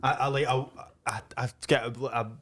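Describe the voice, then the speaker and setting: A man in his twenties with a Scottish accent, talking casually in halting, stammering bursts. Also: medium pitch, fairly even intonation, a bit bright. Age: 20s. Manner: halting, stammers, keeps saying "know what I mean". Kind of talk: casual chat.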